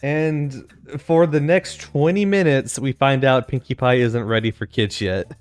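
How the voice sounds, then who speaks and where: A man co-hosting a podcast in casual chat, joking and swearing with quick interjections. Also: mid-range voice, clear, resonant tone, faint music behind. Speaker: podcast co-host.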